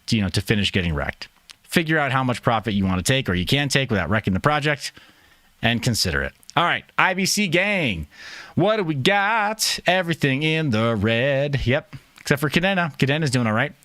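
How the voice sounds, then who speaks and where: A man's voice: mid-range voice, fairly bright tone, no echo. A man hosting a livestream, chatting casually in a joking, rambling, self-mocking way. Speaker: livestream host.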